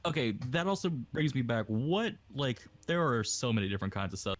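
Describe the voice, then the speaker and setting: A man's voice: medium pitch, sing-song, fairly quick. A young man cracking jokes in a casual podcast chat with friends. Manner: wisecracking.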